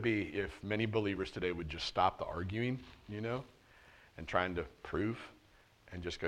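A man pastor preaching a sermon in church, moving between loud, stressed points and quiet, low asides, with casual, joking street talk mixed into the preaching. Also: normal speed. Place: church service.

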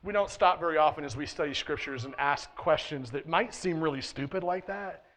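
Speaking fairly quickly in a voice on the high side, a church pastor gives a conversational sermon in the sanctuary and keeps checking in with his congregation. He moves back and forth between hushed asides and loud, forceful points.

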